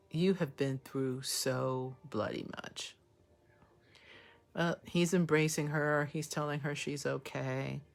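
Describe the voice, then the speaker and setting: Hosting a live reaction to a TV episode, a woman speaks in an extremely low, creaky voice. She talks emotionally and exclaims at each scene.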